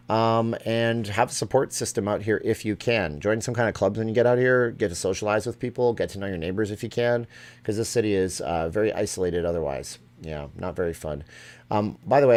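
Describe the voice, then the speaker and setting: A man's voice: sits low, a little mellow. A middle-aged man hosting a casual live stream, reading out viewer questions from the chat and answering them offhand.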